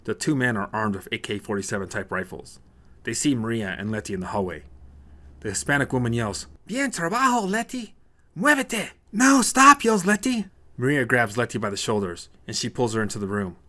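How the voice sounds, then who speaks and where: A man narrating an action novel as an audiobook in a steady, plain reading. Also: lowish voice, fast.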